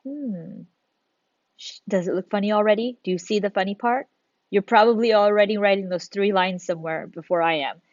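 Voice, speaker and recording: A woman's voice: mid-range voice, a little fast, no echo, dull audio. A woman teacher recording a video lesson for children, talking her students through each step with encouragement.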